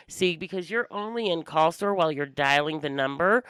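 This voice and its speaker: A woman's voice: fairly low pitch, brisk, few pauses, fairly bright tone, clear, resonant tone, dry recording. A woman co-hosting a podcast, bluntly venting about call center agents in a casual chat and swearing freely. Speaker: podcast co-host.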